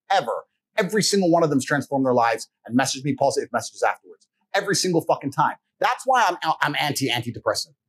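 Husky, lively-voiced man lecturing bluntly. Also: high voice. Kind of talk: forceful monologue.

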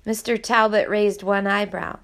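A woman narrating a novel aloud in a steady, even storytelling voice. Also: mid-range voice, normal speed. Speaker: audiobook reader.

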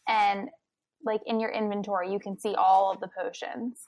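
A young woman co-hosting a podcast, telling animated stories with frequent laughs. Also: medium pitch, normal speed, rough recording. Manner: animated storyteller, laughs often. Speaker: podcast co-host. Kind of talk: casual chat.

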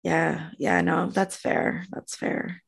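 A woman co-hosting a podcast, recapping a TV episode in casual chat, animated and gushing, laughing often. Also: lowish voice, slow, creaky, breathy edge. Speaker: podcast co-host.

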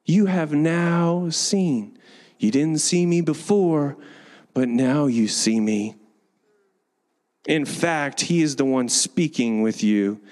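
A pastor preaching a sermon in a church and leading the congregation in call-and-response, building to fervent declarations. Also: male voice, mid-range voice, slow pace, darkish tone, long reverb tail. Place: church hall with balconies.

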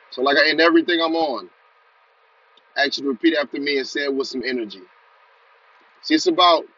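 A man's voice: a little high, sharp tone, slightly rough, highs cut off. A man hosting a podcast, giving an urgent motivational talk and leading the listener in repeat-after-me chants. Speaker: podcast host.

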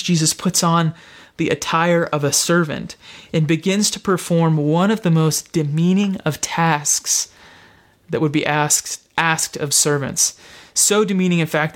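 A man preaching a sermon, retelling a scene in a reflective, storytelling way with slow, deliberate phrasing and pauses. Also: fairly high pitch, fairly bright tone.

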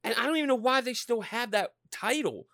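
Brief: foul-mouthed male podcast host, bright tense tone, dry close sound, rambling fired-up rant. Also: extremely high pitch, expressive, brisk, dry recording. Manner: loud, swearing, rambling and fired-up. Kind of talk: profane sports rant.

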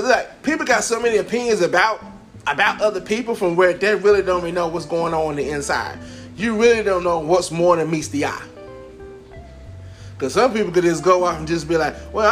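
A man's voice: high voice, pushed and bright. A man hosting a podcast, telling a story from his job in a loose, rambling way, full of fillers and acted-out quotes. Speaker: podcast host. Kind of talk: casual monologue, storytelling.

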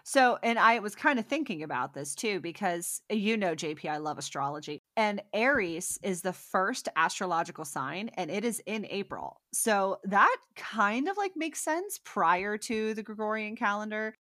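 A woman's voice: mid-range voice, normal speed, hardly any pauses, dry recording. A young woman co-hosting a casual podcast, swearing freely and telling stories with emphatic bursts of energy. Her voice sits in a middle register. The recording is dry and close, with no room sound. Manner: animated and profane, storytelling with emphatic bursts. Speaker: podcast co-host. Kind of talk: casual chat.

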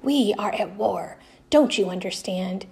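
A woman's voice: mid-range voice, unhurried, gravelly, darkish tone. A woman voicing a nervous, protective mother who scolds her son. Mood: angry. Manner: anxious, scolding.

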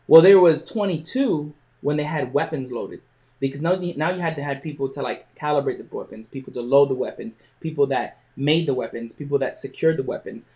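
A man hosting a podcast, telling a motivational story with frequent pauses and restarts. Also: medium pitch, mellow. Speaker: podcast host.

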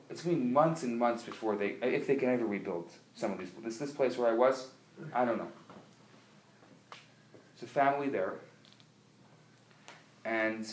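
A man's voice: medium pitch, reverberant, a little hiss or hum. A man giving an inspirational sermon at a convention, telling a story with frequent restarts and building to emphatic appeals. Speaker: speaker at a religious convention.

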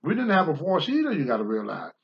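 An older man on a talk show, blunt and preachy, swinging from low mutters to loud outbursts. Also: huge pitch swings, fast talker, gravelly, highs cut off. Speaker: podcast host, former wrestler. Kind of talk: candid talk-show commentary.

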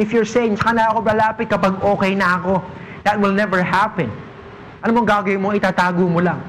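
High-voiced Filipino preacher. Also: male voice, fairly bright tone, a little hiss or hum, low-quality recording. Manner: preaching, switching between English and Filipino, calls of "Amen?". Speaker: pastor. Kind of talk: sermon. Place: church, streamed online.

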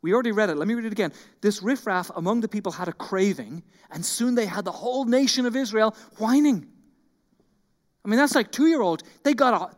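A man preaching a sermon as pastor, animated, acting out quoted complaints and then dropping into quiet intensity. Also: sits high. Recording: long hall reverb.

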